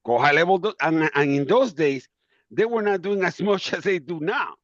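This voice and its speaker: A man's voice: fairly high pitch, normal speed, dry recording, dull audio. A man whose first language is Spanish, calling into a business Q&A and telling earnestly how he got started. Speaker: caller asking a question. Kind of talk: casual account. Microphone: video call.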